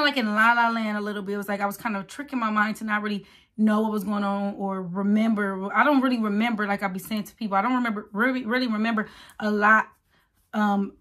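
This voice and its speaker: A woman, telling a casual story while getting ready, lively and acting out other people's voices. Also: medium pitch. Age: late 20s. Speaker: vlogger.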